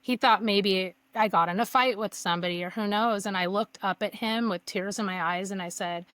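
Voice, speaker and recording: A woman's voice: mid-range voice, normal speed, fairly bright tone, no echo. A young woman candidly telling her personal story as a podcast guest, earnest, with many fillers and restarts.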